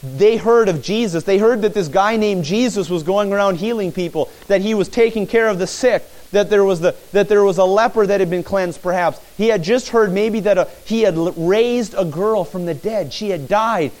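A man preaching a sermon in a church, animated and acting out pleading cries. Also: high voice, poor audio.

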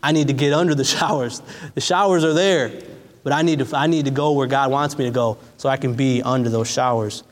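A man's voice: medium pitch, steady tone, a little fast. A man preaching a sermon with fervent, repetitive phrasing and casual asides, recorded in a church. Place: church in a large hall. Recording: long church hall reverb.

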